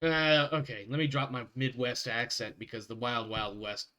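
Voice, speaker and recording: A man's voice: medium pitch, fairly even intonation, moderate pace, noisy background. A man running a tabletop game as game master, narrating loosely, laughing easily and rambling.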